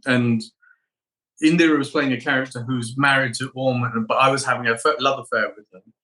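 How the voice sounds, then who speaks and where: A middle-aged man, an actor being interviewed, reflecting on his craft and telling animated anecdotes. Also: mid-range voice, a little fast, low-quality recording. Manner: animated anecdotes, acts out quoted voices.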